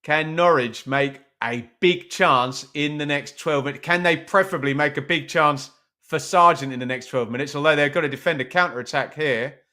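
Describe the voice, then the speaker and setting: A man hosts a live football watch-along, chatting casually, poking fun at himself and reading viewers' comments aloud to answer them. His voice sits on the high side, bright and forceful, at a normal speed.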